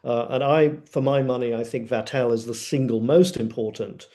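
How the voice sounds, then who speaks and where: Mellow-voiced man giving an academic talk. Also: medium pitch, steady tone, moderate pace. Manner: lecturing, emphatic, frequent "uh" fillers. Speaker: panelist.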